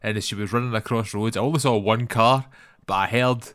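A man's voice: on the low side, steady tone, brisk, a bit bright, smooth, no echo, studio quality. A man co-hosting a film podcast in casual chat, blunt and matter-of-fact. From Scotland. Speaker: podcast co-host.

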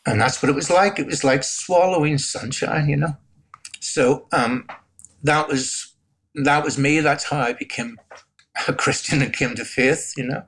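A man's voice: fairly high pitch, a little slow, slightly rough. A man in his sixties from Northern Ireland with a Northern Irish accent, a guest telling his faith story in an interview in a reflective, emotional way. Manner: reflective, gets choked up, laughs softly. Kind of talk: interview testimony.

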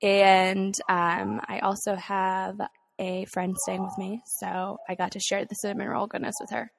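Young female podcast co-host, casual and giggly, mid-pitched, swears freely. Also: little pitch movement, unhurried, creaky. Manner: chatty, laughs often, casual swearing. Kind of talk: casual chat.

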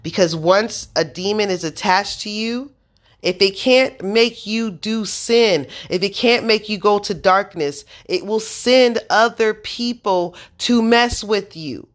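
A woman in her thirties, medium-pitched and taking her time, tells her audience a personal story. She comes across intense and sincere, swears freely and speaks to them directly.

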